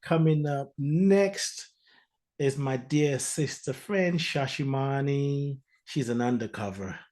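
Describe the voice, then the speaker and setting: A man's voice: medium pitch, slow, darkish tone. A man hosting a live gathering, introducing speakers in a playful, joking way and laughing often. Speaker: event host.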